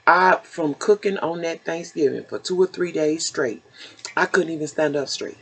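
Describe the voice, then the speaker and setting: A woman, chatting casually as host and telling a story with lively, animated delivery. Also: sits low, moderate pace. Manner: animated storytelling, bursts into sung lines. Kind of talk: casual chat.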